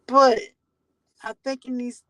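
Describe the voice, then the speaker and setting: A woman's voice: on the high side, little pitch movement, slow pace, pushed and bright, no echo, low-quality recording. A woman vlogging from her car, telling a rambling, profane story to her viewers.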